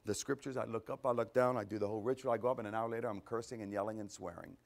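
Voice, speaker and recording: A man preaching a conversational sermon, animated, asking rhetorical questions and answering them himself. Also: fairly low pitch, rapid-fire, gravelly. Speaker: pastor.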